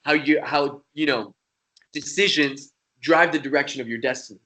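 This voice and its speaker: A young man tells a story in a casual, rambling way. His voice is bright and forward, and he swears freely as he goes. He talks at a middle pitch. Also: moderate pace. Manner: profane, rambling, animated. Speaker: magician guest.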